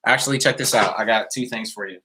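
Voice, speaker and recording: A man's voice: fairly low pitch, quick pace, background noise. A man chatting casually on a live stream and answering viewer comments, rambling with many fillers and sounding a little tired. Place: indoors at home.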